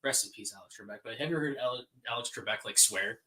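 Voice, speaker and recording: A man co-hosting a live podcast, telling animated stories and mimicking other people's voices. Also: mid-range voice, quick pace. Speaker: podcast co-host. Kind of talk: casual chat.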